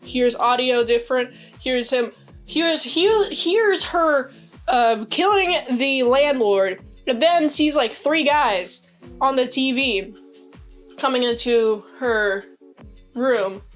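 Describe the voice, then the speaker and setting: A woman casually recapping and reviewing a TV episode in a rambling, excitable way, full of fillers. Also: sits high, slow pace. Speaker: TV show reviewer. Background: faint background music.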